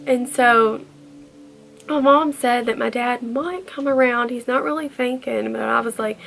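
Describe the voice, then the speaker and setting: Girl telling a story, high voice with lots of fry, real heartfelt. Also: fairly even intonation, unhurried, a bit bright, slight background noise. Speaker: vlogger. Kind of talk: storytime vlog.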